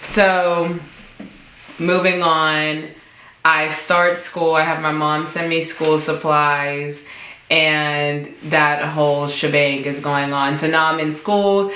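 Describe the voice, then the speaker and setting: A young woman tells a casual storytime vlog in a low, bright voice, slipping into high-pitched acted-out quotes. She speaks slowly and unhurriedly. The sound is echoey, as if recorded in a bare room. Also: slight background noise. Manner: animated, acts out quoted dialogue with jumps in pitch. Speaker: vlogger.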